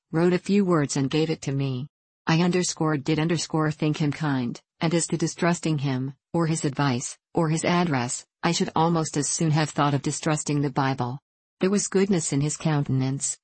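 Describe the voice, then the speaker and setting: A woman with a low voice reads a classic novel aloud in a measured, deliberate way. The sound is dry and close, with no room around it. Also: a little mellow, no echo, low-quality recording. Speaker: audiobook narrator. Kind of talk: scripted narration of a classic novel.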